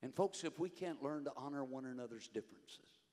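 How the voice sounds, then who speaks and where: An older man preaching a sermon, fervent, rising to shouts and dropping low. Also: fairly quick. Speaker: conference preacher. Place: church sanctuary. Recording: long hall reverb, faint music behind.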